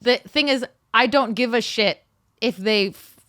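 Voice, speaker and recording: Bright, candid young woman chatting. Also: fairly high pitch, a little slow, no echo, studio quality. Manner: candid, animated, swears freely. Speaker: podcast guest. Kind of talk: casual chat.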